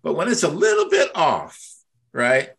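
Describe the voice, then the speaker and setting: An older minister hosting a devotional podcast has a slightly high, fairly bright voice with big pitch swings and vocal fry, and he speaks a little slowly. He rambles in an impassioned, heartfelt way, his voice swelling with feeling.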